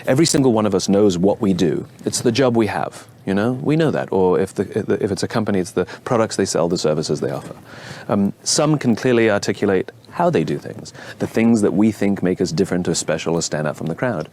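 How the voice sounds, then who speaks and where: Low-voiced man giving a measured talk. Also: animated, darkish tone. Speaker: speaker. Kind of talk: talk on organizations.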